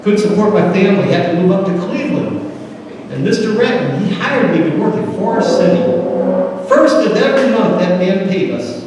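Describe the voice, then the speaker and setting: A man voicing an older, gruff but kind male West Virginia farmer, with a slow, plain-spoken drawl. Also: sits high, expressive, noisy background. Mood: earnest. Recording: echoey hall from far off.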